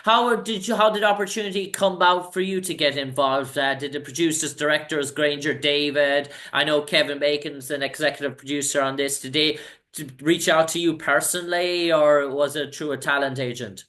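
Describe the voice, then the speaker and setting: An Irish man hosts a casual interview with a bright, crisp and somewhat high voice. He asks long, rambling questions that circle before getting to the point. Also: steady tone, moderate pace. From Ireland. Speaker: interview host.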